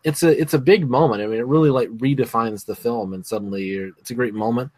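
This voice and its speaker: A man's voice: mid-range voice, fast talker, darkish tone, no room sound. Rambling man on a dry mic. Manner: rambling, many fillers and restarts. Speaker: podcast host. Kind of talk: casual podcast chat.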